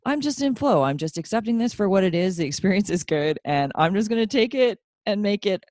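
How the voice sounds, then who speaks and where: A man's voice: high voice, animated, fairly quick, a little mellow, no room sound, studio quality. A man in casual chat, reflecting on ideas and affirming what the other speaker says.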